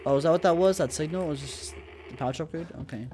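A let's play gamer giving casual commentary, reacting with excitable, jumpy outbursts and swearing, and talking to themself and the game character. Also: medium pitch, fast, background noise.

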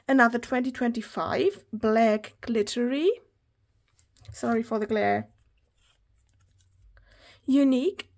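A high-voiced woman gushes her way through a stationery haul, often slipping into a soft whisper. Her voice is husky and breathy, with packaging crinkling around her words. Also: takes it slowly, pauses often. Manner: gushing, often drops to a whisper. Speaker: planner vlogger. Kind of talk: casual haul unboxing.

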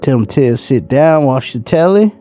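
A man's voice: medium pitch, lively intonation, dark tone, faint music behind, voice pushed up, close to an everyday voice. A man putting on a sinister drawling Southern killer. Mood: sinister musing. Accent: put-on Southern US. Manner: slow drawl, musing and sinister. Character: menacing rural Southern man confessing a killing.

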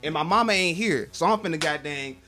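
A young man streaming a game, rambling and swearing as he plays, with loud, animated reactions. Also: fairly high pitch, fairly quick, soft background music. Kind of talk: excitable gameplay commentary.

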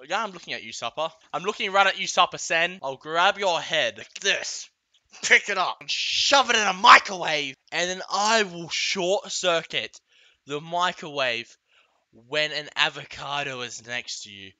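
Comedic vlogger, male, slightly high voice, dry close sound, over-the-top ranting. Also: lively intonation, a little slow, pushed and bright, no echo. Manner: exaggerated, ranting, yelps and outbursts. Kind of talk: comedic rant vlog.

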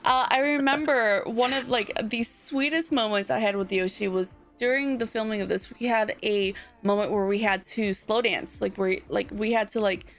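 A woman's voice: medium pitch, moderate pace, hardly any pauses, faint music behind. A young woman chatting casually as a guest, a candid and giggly storyteller who swears freely. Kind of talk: casual chat.

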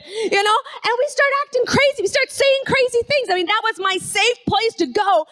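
A woman preaching an energetic sermon, calling on the congregation to repeat phrases after her. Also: extremely high pitch. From Canada. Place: church sanctuary.

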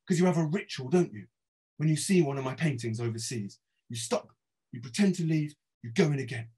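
English male author, slightly raised pitch, dramatic spoken-word reading, lurches between bursts and murmurs. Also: animated, brisk, slightly rough. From England. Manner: theatrical, swinging between loud outbursts and quiet murmurs. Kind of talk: dramatic reading of his own prose.

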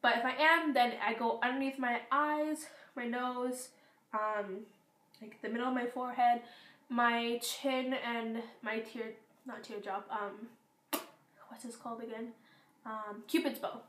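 A teenage girl chatting through a beauty product review, rambling with fillers, her voice going hoarse. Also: fairly high pitch, steady tone, a little slow, a bit bright, echoey room. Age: teens. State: losing her voice. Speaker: beauty vlogger. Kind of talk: casual product review vlog.

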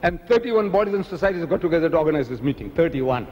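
Impassioned male preacher, pitch leaps all over, long hall reverb, faint room noise. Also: expressive, fast, darkish tone. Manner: impassioned, mimics others in raised voice. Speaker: Islamic preacher. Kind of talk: animated religious lecture.

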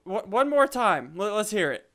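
A young man with a fairly high voice hosts a laid-back gaming session. He jokes with his partner, stumbles and restarts his words, and breaks into laughter easily. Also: very animated, normal speed, bright, forceful tone. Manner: stammering, joking, laughs often. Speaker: host. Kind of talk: casual gaming commentary.

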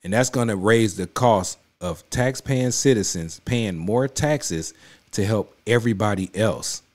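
A man with a somewhat low voice hosts a political reaction video from his home studio. He talks in a loose, conversational way, repeating his points with emphasis and arguing straight back at the clip he is watching. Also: a little slow, a little mellow. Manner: emphatic, repetitive, conversational street talk; addresses the clip directly with rising heat. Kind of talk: casual political reaction commentary.

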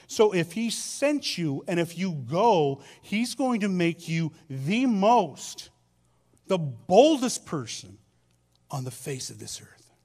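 A man preaching a sermon as pastor, telling stories with repeated phrases and swinging between loud and soft delivery. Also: on the high side. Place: church sanctuary.

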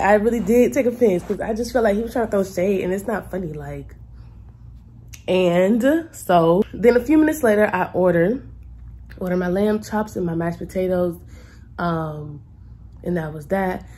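Animated young woman vlogger, low voice. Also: a little hiss or hum. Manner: animated, exasperated retelling with colloquial asides. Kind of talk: casual storytelling to camera.

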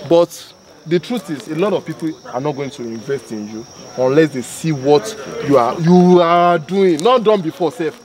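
A man's voice: fairly high pitch, animated, normal speed, a crowd in the background. A Nigerian man, a content creator, giving casual motivational advice and repeating his points for emphasis.

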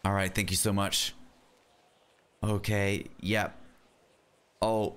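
A man's voice: fairly low pitch, little pitch movement, slow pace, a crowd in the background. A man from London chatting casually while playing a role-play game, hesitant and easygoing.

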